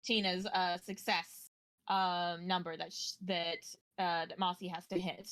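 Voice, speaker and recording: A woman's voice: on the low side, flat delivery, unhurried, crowd noise. A woman narrating a tabletop game as game master, casual and loose with fillers and restarts.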